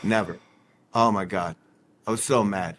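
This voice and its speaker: A man's voice: lowish voice, unhurried, fairly bright tone. A young adult man hosting a livestream, rambling through a story in casual chat and swearing freely. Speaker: stream host.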